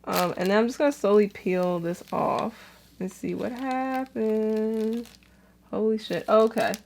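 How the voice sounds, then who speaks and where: A woman's voice: on the high side, a little slow, creaky, darkish tone, a little hiss or hum. A young woman vlogging at home, chatting casually and laughing at herself as she talks through a do-it-yourself outfit project step by step. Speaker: DIY fashion vlogger. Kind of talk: casual crafting vlog.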